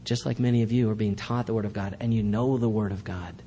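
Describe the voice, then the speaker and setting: A man's voice: fairly low pitch, steady tone, fast talker, dark tone, in a large hall, slight background noise. A male pastor giving a sermon in a church, preaching earnestly with emphatic repetition.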